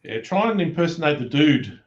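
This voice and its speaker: A man's voice: fairly high pitch, big pitch swings, brisk, highs cut off, background noise. A man cracking jokes in a casual live stream chat. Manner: wisecracking.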